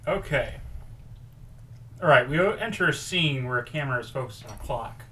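A man co-hosting a podcast, pitching a story in rambling casual chat and acting out quoted lines. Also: lively intonation, normal speed, fairly bright tone, slight background noise. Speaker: podcast co-host pitching a movie idea.

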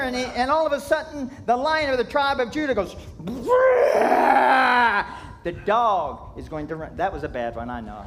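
A man's voice: very high-pitched, fairly bright tone, slight background noise. A man from Kentucky, preaching a sermon in a folksy, jokey storytelling way, acting out sound effects. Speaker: pastor.

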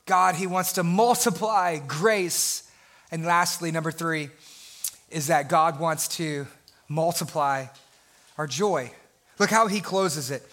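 A man's voice: a little high, slow, fairly bright tone. A male pastor preaching a sermon with passion, building his points through repeated phrases.

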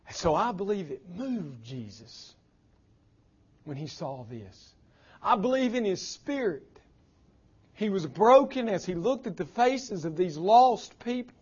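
A man preaching a sermon as pastor, impassioned, his voice swinging from loud declarations to hushed lines. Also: high-pitched, big pitch swings, takes it slowly, breathy edge, muffled recording.

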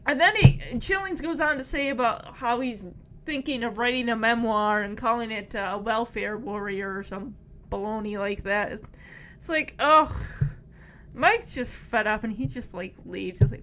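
A chatty woman walks through an episode scene by scene, slipping into the characters' lines as she goes. Her voice sits high, and her delivery stays lively and informal. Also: moderate pace, a little hiss or hum. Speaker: show recap vlogger. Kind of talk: casual episode recap.

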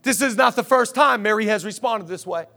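High-voiced impassioned male pastor. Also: a little fast, creaky, pushed and bright. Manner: impassioned, urging the congregation. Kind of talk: sermon.

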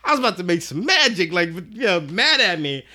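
Bright-voiced Philly man telling a story. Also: sits high, brisk. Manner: animated, profane storyteller who acts out quotes. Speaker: podcast guest. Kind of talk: casual podcast storytelling.

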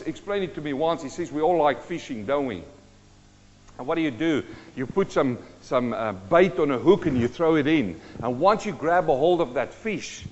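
A man's voice: on the high side, darkish tone. A man preaching a sermon, asking his congregation questions as he teaches. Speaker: pastor. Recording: dull sound with long hall reverb.

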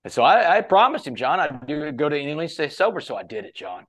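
A man's voice: fairly high pitch, very animated, fairly quick, fairly bright tone. A man guesting on a podcast, telling a long story in a casual, conversational way, often quoting others and dropping "man" into his sentences.

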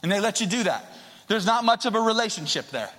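A man preaching a sermon into a handheld mic, conversational and swinging from quiet to loud. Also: sits high, expressive, quick pace. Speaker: pastor. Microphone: handheld microphone. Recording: long hall reverb.

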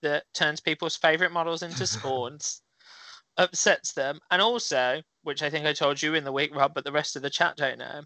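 An eager man chats casually in a bright, forceful voice that sits a little high. He pauses often on fillers, and the recording is dry and close. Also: fairly even intonation, dry recording. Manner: enthusiastic, halting with fillers. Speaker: podcast co-host. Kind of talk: casual chat.

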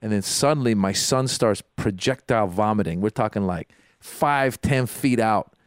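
Excitable man with a smooth, low voice. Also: no echo, clean studio sound. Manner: excitable, rushes into stories. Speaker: podcast co-host. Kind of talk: casual chat.

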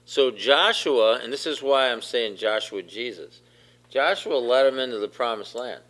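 A man's voice: mid-range voice, moderate pace, a bit bright. A man preaching a sermon, emphatic, repeating phrases and putting questions to the congregation. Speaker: pastor.

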